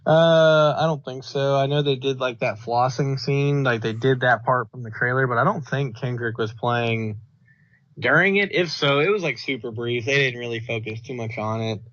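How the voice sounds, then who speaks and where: A man's voice: medium pitch, normal speed, a bit bright. A man casually reviewing a movie on a podcast, rambling with lots of fillers and retelling scenes. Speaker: podcast co-host. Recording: dull lo-fi dry recording.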